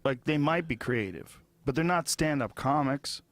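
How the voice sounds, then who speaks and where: A man hosting a podcast, swearing freely as he tells stories in casual conversation. His voice sits at a middle pitch. It is recorded close and dry in a studio. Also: expressive, moderate pace, no echo. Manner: blunt, profane storytelling. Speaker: podcast host and comedian.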